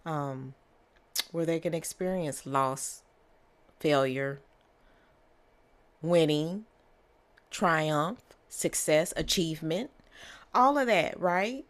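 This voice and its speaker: Speaking very slowly with frequent pauses, in a voice that sits low, a woman gives a relaxed tarot reading. She chats, repeats herself, uses many fillers, and often asks "okay?".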